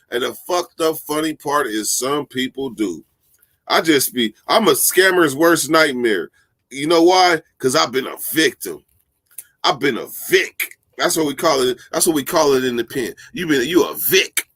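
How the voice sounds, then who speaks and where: A man with a slightly higher voice hosts a casual live stream, chatting to viewers. His stories come out loose, profane and animated, with laughs mixed in. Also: normal speed.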